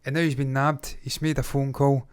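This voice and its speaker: A man's voice: medium pitch, flat delivery, moderate pace, clear, resonant tone. A man co-hosting a reaction video, blunt, chatty and opinionated. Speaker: co-host. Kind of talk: casual reaction chat.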